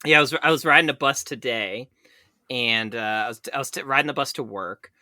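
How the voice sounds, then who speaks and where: A man's voice: medium pitch, fairly quick, pushed and bright, no echo, studio quality. A man co-hosting a podcast, telling a long story in a rambling casual way, full of filler words. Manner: rambling, many "like" fillers, laughs while telling. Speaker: podcast co-host. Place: San Francisco bus commuter.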